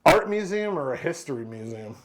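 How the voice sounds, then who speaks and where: A man's voice: fairly high pitch, big pitch swings, brisk, noisy background. A man hosting a sports interview show, chatty and playful, often stumbling and restarting his questions. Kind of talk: casual interview chat.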